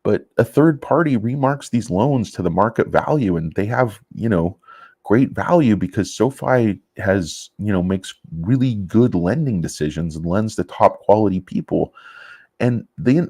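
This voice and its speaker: Low-voiced, ranting male stock vlogger. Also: dark tone, dry recording, studio quality. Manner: blunt, profane, sarcastic ranting. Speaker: stock market commentator. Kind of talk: casual ranting vlog.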